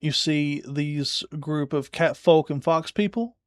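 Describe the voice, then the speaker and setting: A man narrating as game master of a tabletop game, unhurried and hesitant with fillers. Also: fairly high pitch, no echo, studio quality.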